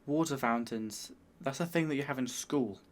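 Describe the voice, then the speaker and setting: A British man hosting a reaction video, making relaxed, chatty asides and agreeing readily. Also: medium pitch, normal speed. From United Kingdom. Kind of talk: casual reaction commentary.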